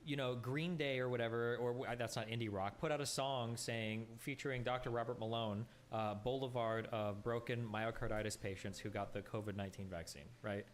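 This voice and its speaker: A man in a heated debate, needling his opponent with dry, deadpan sarcasm. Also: medium pitch, a little fast, hardly any pauses, slight background noise.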